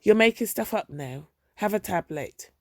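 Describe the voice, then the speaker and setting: A woman's voice: mid-range voice, animated, normal speed, darkish tone, dry recording, studio quality. A woman reading a dramatic monologue, voicing a fretful elderly mother in her seventies who scolds and sulks. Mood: dismissive. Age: 70s. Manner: scolding, wounded, accusing.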